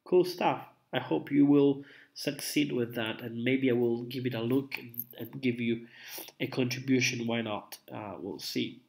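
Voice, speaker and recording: A young man chats with his live-stream viewers while he is feeling unwell. His voice sits at an everyday middle pitch. He rambles, backtracks and fills the pauses with ums and uhs. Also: steady tone, gravelly, a little mellow. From Italy. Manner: chatty, rambling, with many fillers and restarts. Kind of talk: casual live-stream chat.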